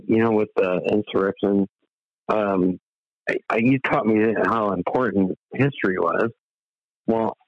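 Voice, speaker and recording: Male caller, low gravelly voice, rambling and profane, dull lo-fi line. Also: no room sound. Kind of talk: casual call-in talk.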